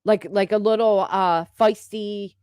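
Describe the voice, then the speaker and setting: A woman's voice: mid-range voice, fairly even intonation, a little slow, darkish tone, smooth, no echo, clean studio sound. A woman hosting a casual livestream, chatting and gossiping while reading viewer comments aloud, and laughing often. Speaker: livestream host.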